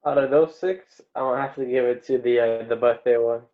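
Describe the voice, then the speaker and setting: A man co-hosting a casual podcast, answering in hesitant, halting bits. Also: mid-range voice, fairly even intonation. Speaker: podcast co-host. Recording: tinny phone-like call audio.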